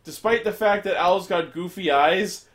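Speaking unhurriedly in a voice that sits high, a podcast host gives a casual recap of a show episode. He rambles and swears, bringing the retelling to life by performing the quoted lines in different voices.

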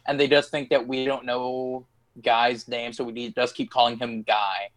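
A man's voice: medium pitch, little pitch movement, normal speed, rough recording. A man in a casual podcast chat, making wry joking asides about a show. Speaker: podcast co-host.

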